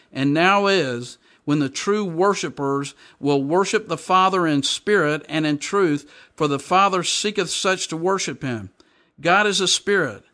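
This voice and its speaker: A man's voice: high voice, bright, forceful tone. A man preaching a sermon, reading scripture aloud and explaining it with emphatic repetition. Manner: emphatic, repeats and explains verses.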